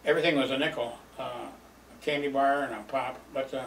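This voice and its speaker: A creaky, mid-range voice belongs to an older man recounting his youth at a fairly quick clip with a steady tone. It's rambling oral-history reminiscence, punctuated by chuckles and plenty of fillers. The roomy, distant recording has faint ambience and a touch of hiss or hum.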